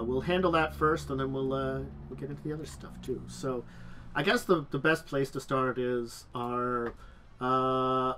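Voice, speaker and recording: A man hosts a casual tabletop gaming talk show, sick and tired, rambling in casual chat with lots of restarts and fillers. His medium-pitched voice is bright and forceful.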